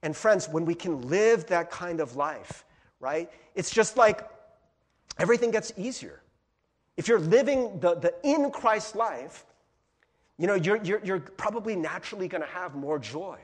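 A man preaching a casual, conversational sermon as a pastor, animated and chatty, full of fillers and repeated words. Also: high voice, unhurried.

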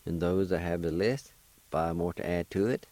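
Low-voiced male radio language teacher from Oklahoma, slow and patient, encouraging, dry close sound. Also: no room sound, poor audio. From Oklahoma, United States. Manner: patient, encouraging, gently joking. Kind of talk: slow spelling and pronunciation lesson.

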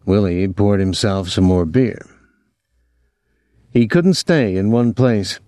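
Guy reading a novel aloud, measured and expressive, warm low voice, lots of pitch movement. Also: no room sound. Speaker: audiobook narrator. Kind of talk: scripted narration.

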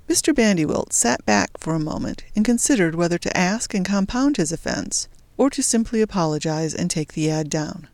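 A woman narrating a short story in a measured, even reading voice. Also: on the low side, no room sound.

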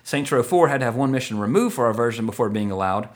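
A man's voice: medium pitch, lively intonation, fast talker. A man hosting a podcast in casual chat, rambling and joking, often correcting himself mid-sentence. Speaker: podcast host.

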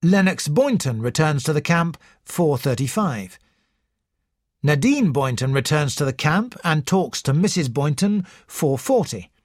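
Brief: unhurried storyteller with a lively, varied pitch and a close, dry sound. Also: no echo. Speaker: audiobook narrator. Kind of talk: scripted narration.

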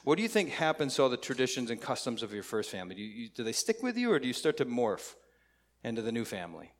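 A man's voice: mid-range voice, big pitch swings, fast talker. A man preaching a sermon in a conversational way, often asking the congregation questions. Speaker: pastor.

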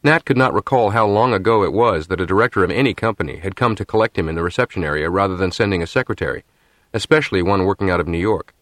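A man narrating a novel as an audiobook in a steady, measured storytelling manner. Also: low voice, no echo. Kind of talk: scripted narration.

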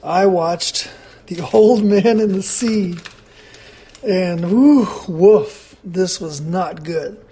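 Slow-talking, profane podcast host. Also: mid-range voice, mellow. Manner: profane, rambling, blunt; talks while eating. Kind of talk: casual solo movie-review podcast.

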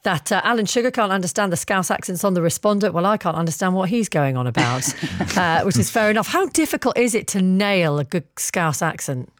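A British woman hosts breakfast radio in a chatty, conversational way. Her voice sits fairly low, and the studio sound is dry and close. She moves easily between interview and news. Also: lively intonation, brisk, dry recording. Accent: British English. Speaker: radio presenter.

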